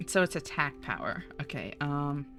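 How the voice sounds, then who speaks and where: Teasing gamer girl chatting to her stream, crisp bright tone, faint music underneath. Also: low voice, sing-song.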